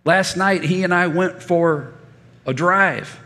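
Folksy stammering pastor in a reverberant hall. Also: male voice, high-pitched, slow pace. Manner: folksy, animated, frequent stammered restarts. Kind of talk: storytelling sermon. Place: church sanctuary.

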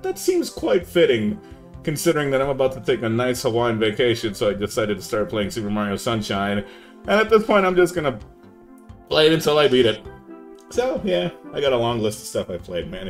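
Laid-back male streamer, lively voice. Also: medium pitch. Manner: laid-back, says "man" a lot, yells at the game. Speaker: game streamer. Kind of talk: casual live-stream chat while gaming.

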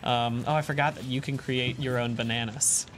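A man's voice: medium pitch, steady tone, normal speed, noisy background. A man chatting casually while playing a video game, hesitant, with many fillers and restarts. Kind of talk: casual gaming chat.

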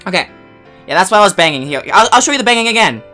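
A man hosting a casual gaming livestream on a headset mic, excitable and swearing, flipping between mock rage and cheerful chat. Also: high voice, very fast, soft background music. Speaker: streamer host.

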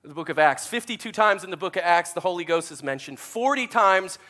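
Pastor, forties; animated storyteller with a lively, forward tone. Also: male voice, high-pitched, fairly quick. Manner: chatty, self-deprecating, animated storytelling. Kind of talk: sermon with storytelling.

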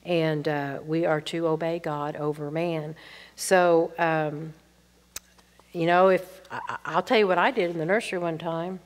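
A woman's voice: deep voice, steady tone, a little slow. An older woman teaching, reading audience questions aloud and answering them candidly with chatty personal stories. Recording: long reverb from a hall.

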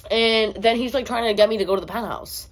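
A young woman vlogger chatting casually while eating, with lots of "like", and acting out her own and others' lines in a higher voice. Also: fast talker. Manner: chatty, heavy use of "like", acts out dialogue with a raised pitch. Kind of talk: casual storytime chat. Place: indoors at home, eating on camera.

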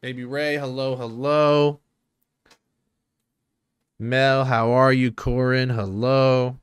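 A young man hosts a casual live-stream reaction. He talks loudly, swears freely and greets viewers by name one after another. His voice sits at a middle pitch and comes through dry and close to the mic. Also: level tone, slow, smooth, no room sound. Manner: loud, swearing, laughing, greeting chat by name.

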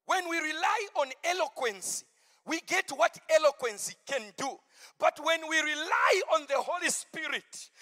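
A pastor preaching a campmeeting sermon, moving from hushed asides to shouted, drawn-out proclamations. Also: male voice, extremely high pitch, expressive, long reverb tail.

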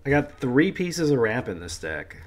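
Playing a card game, a streamer keeps up chatty commentary in a mid-range voice with big pitch swings at a moderate pace. He talks to the game, begging it to cooperate, and drops "dude" often.

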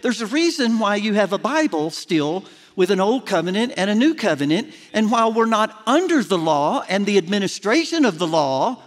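A middle-aged pastor preaches a folksy, self-deprecating sermon to his congregation in a large church sanctuary, building to emphatic peaks. His voice is high-pitched and sing-song at normal speed, with the long hall reverb of a church.

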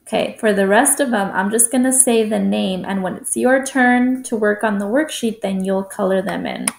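A woman teacher gives young children a slow phonics lesson, drawing out words and sounding out each letter. Her voice is medium-pitched and creaky, and the sound is roomy.

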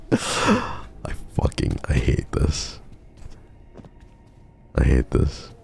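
A man's voice: rumbling low, huge pitch swings, drawn-out words, vocal fry, slight background noise. A young man streaming a game, bantering with his chat in a profane, teasing way. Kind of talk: casual game stream chatter.

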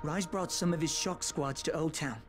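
An actor as a cheery British tech survivor. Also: male voice, a little high, moderate pace, faint music behind, natural voice. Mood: briefing.

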